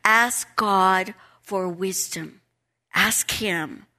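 Slow, emphatic woman teaching Bible study. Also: medium pitch. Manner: animated, emphatic, repeats key words. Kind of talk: Bible study lesson with prayer and scripture reading.

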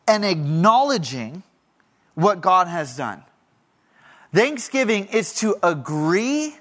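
A middle-aged male pastor with a notably high voice preaches to his congregation from the stage. He teaches step by step and keeps checking in with questions to the room. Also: a bit bright. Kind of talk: sermon. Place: church stage before a congregation.

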